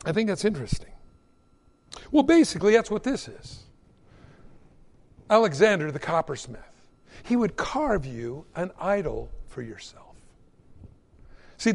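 Male pastor, animated sermon, echoey hall. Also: high-pitched. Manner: animated storytelling preaching.

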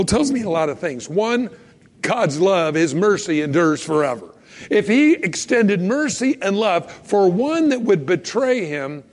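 A man preaching a sermon in a casual, animated way, acting out little scenes and quotes as he goes. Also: sits high. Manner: animated, conversational, acts out quotes. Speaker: pastor. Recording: long hall reverb.

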